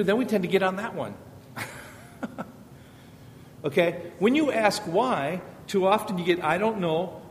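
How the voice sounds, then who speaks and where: The recording captures a middle-aged man teaching informally on parenting through a biblical lens, in a hall full of reverb with a low, faint rumble. His manner is conversational, and he leans on repeated rhetorical questions.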